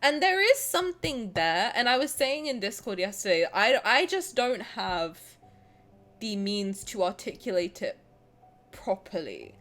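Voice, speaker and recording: A woman's voice: medium pitch, very animated, unhurried, fairly bright tone. A woman in her twenties, chatting casually on a stream, rambling with restarts and laughter. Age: 20s. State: out of breath. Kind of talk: casual stream chat reading comments.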